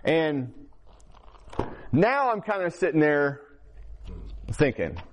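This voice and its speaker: A man's voice: a little high, very animated, slow, a little hiss or hum. A man in his forties from Indiana giving a candid personal testimony, rambling with restarts. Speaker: recovering addict telling his story.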